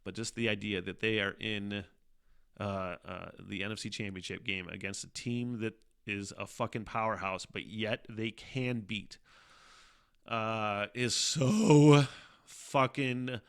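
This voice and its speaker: A man's voice: fairly low pitch, steady tone, slow pace, vocal fry, clean tone. A man hosting his own podcast, talking in a casual, rambling monologue full of profanity, fillers and laughter. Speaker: podcast host.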